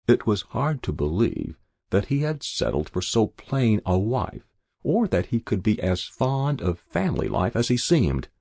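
Gravelly man reading a wry story. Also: fairly low pitch, very animated, measured pace, mellow, no room sound. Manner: wry, dry first-person storytelling. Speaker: narrator. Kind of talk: audiobook narration.

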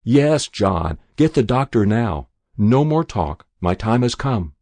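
A stubborn, sharp-tongued old woman on her deathbed, peevish and quick to scold, as a male narrator reads her. The voice sits fairly low and creaky, yet swings widely in pitch. It sounds dry and close, with no room around it. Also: very animated, dry recording, heavily acted. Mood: urgent. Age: older.

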